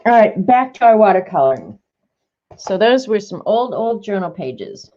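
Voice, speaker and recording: Very animated, this older woman speaks at medium pitch and a moderate pace while looking back through old art journal pages in a casual vlog. She rambles and chats with warm, fond reminiscing, captured in slightly dull lo-fi sound.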